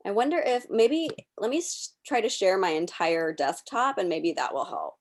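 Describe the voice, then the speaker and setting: A woman presenting a workshop over a video call, explaining software step by step as she clicks through it. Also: mid-range voice, very animated, normal speed. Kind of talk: live software demonstration.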